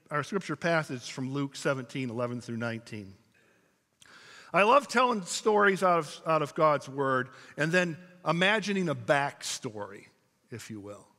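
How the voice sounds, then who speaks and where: A man's voice: fairly high pitch, pushed and bright. A man preaching a sermon to his congregation, telling stories and calling out to the room. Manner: storytelling preacher, speaking to a congregation. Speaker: pastor. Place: church sanctuary. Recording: long hall reverb.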